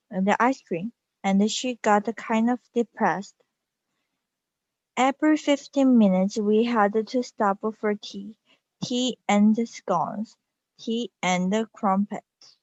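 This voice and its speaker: Slow, careful woman reading a storybook. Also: medium pitch, darkish tone, dry recording, highs cut off. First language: Korean. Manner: slow, careful, with small restarts. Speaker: reader. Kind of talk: storybook read-aloud.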